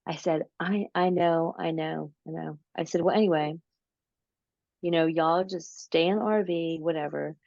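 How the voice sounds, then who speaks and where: A woman being interviewed, telling a long story slowly and casually, with many fillers and restarts. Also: low-pitched, steady tone, vocal fry, a little mellow, dry recording. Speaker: interview guest, paranormal researcher. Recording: dull lo-fi audio.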